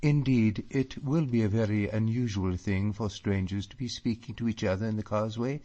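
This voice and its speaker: A male audiobook reader voicing a spirited, proud young Highland woman with a lilting manner. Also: moderate pace, warm tone, highs cut off, natural voice.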